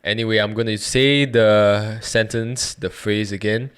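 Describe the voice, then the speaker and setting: Casting: young male reviewer, casual, rambling, self-correcting, slightly low voice. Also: a little slow, hardly any pauses, a bit bright, clear, resonant tone. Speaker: YouTube host reviewing a microphone.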